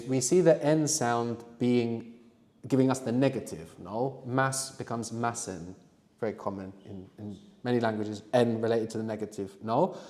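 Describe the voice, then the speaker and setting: Man, language teacher, mellow tone, questioning "no?" tags, reverberant room. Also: medium pitch. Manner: prompting questions, frequent "no?" tags. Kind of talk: interactive language lesson.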